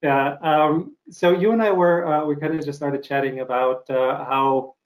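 Halting middle-aged host, slightly high voice. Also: male voice, fairly even intonation, low-quality recording. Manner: friendly, halting with many fillers. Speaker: show host. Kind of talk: casual interview chat.

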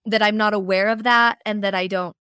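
A woman's voice: mid-range voice, fairly even intonation, brisk, a bit bright, clear, resonant tone, dry recording, studio quality. A woman hosting an interview podcast, talking in an earnest, emotional way with loose, restarting sentences. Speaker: podcast host.

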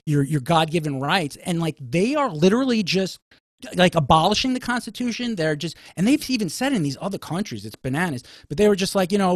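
A man's voice: high-pitched, big pitch swings, fairly quick, no echo, clean studio sound. A man talking politics in a heated, casual way, stumbling through restarts.

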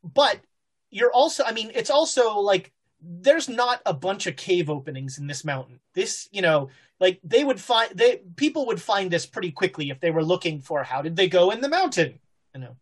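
A woman narrating a horror tabletop game as game master, halting with fillers and restarts. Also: fairly low pitch, very animated.

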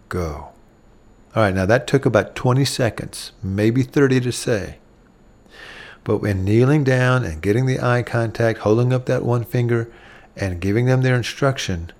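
A middle-aged man hosts a parenting talk at a middle pitch. He speaks earnestly and acts out the gentle words a parent might say to a child. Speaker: parenting podcast host. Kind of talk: instructive talk.

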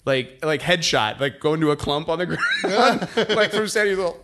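A man telling funny stories about his young son in a casual chat, animated and laughing often. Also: on the high side, moderate pace, noisy background.

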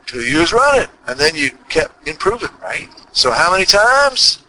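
A man's voice: high-pitched, very animated, normal speed, bright, forceful tone, slight background noise, poor audio. A man with a Texas accent hosting a motivational podcast, talking earnestly and folksy, with lots of repeated rhetorical questions. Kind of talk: motivational monologue.

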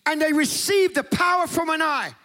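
An impassioned man preaching at a conference, his voice pitched unusually high and ringing bright. He swings from shouted lines to sung-out phrases as he preaches. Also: normal speed. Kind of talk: sermon. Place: conference hall.

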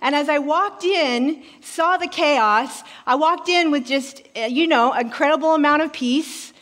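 A woman pastor in her forties preaching a sermon in a church, telling a story in an animated way and acting out voices. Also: sits high, measured pace. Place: church sanctuary. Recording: reverberant hall.

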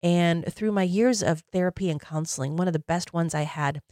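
A woman's voice: on the low side, fairly quick, dark tone, no room sound, studio quality. A woman in her forties hosting a podcast, telling personal stories in an earnest, reflective, conversational way. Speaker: podcast host.

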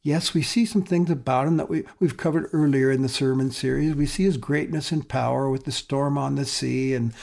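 A man's voice: mid-range voice, steady tone, brisk, vocal fry, hardly any pauses. Earnest male pastor preaching a sermon. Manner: earnest, with swings between loud emphasis and soft, quiet phrases.

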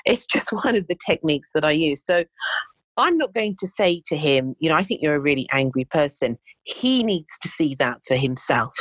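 A woman, a life coach and healer telling stories in conversation, animated and acting out dialogue. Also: low voice, moderate pace, breathy edge, no room sound. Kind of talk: conversational storytelling.

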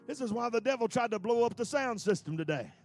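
A male pastor preaching a fervent sermon in a folksy way, swinging between shouted peaks and hushed asides. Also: very high-pitched, lively intonation, fast talker, faint music behind. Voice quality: colloquial, folksy.

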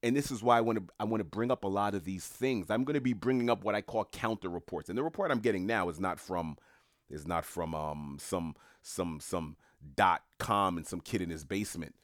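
A man's voice: low-pitched, a little fast, no echo, studio quality. A middle-aged man talking casually to his viewers in a rambling, musing way with mocking asides. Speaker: commentator.

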